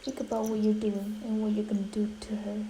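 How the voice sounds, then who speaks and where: A woman narrates a game in a gushing, melodramatic commentary style. She often drops into hushed, whispery asides. Her voice sits mid-range and sounds mellow, with a faint hiss underneath. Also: medium pitch, monotone, brisk, rough recording. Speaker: gaming YouTuber. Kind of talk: dramatic gameplay commentary.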